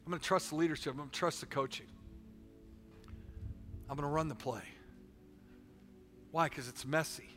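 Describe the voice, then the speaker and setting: A middle-aged man preaching a sermon as pastor, swinging between loud exhortation and quiet storytelling. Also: on the high side, normal speed, long pauses, soft background music. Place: church sanctuary. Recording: long reverb of a large hall.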